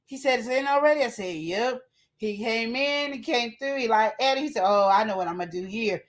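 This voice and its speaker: A woman co-host chatting, animated and full of acted-out quotes and sound effects. Her voice sits a little higher than most women's. She keeps the talk casual and playful. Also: brisk. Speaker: podcast co-host. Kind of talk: casual chat.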